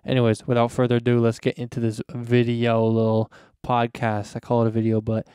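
A man's voice: mid-range voice, monotone, a little fast, dark tone, clean tone, no echo, clean studio sound. A teenage man hosting a casual solo podcast, rambling and mocking in slangy talk with frequent cursing. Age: teens. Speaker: podcast host. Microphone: close podcast microphone.

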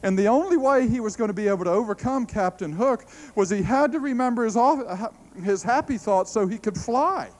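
A middle-aged man preaching a sermon, telling stories with animated delivery, laughing and stammering through restarts. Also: high voice, a little fast, few pauses, low-quality recording.

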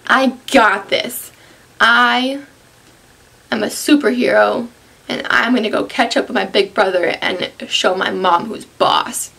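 A woman's voice: mid-range voice, unhurried, vocal fry, pushed and bright. A young woman vlogging, telling a story to camera in a sarcastic, self-deprecating and chatty way, full of "like". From United States.

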